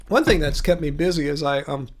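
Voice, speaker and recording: A man hosting a livestream in casual chat, rambling and chuckling often as he answers viewers. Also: on the high side. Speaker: livestream host.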